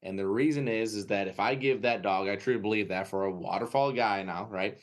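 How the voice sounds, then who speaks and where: A man, a dog trainer and breeder, chatting on a podcast in a lively storytelling way, acting out dogs and owners and tagging his points with "right?". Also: fairly low pitch. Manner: filler-heavy, frequent "right?" tags. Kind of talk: casual podcast conversation.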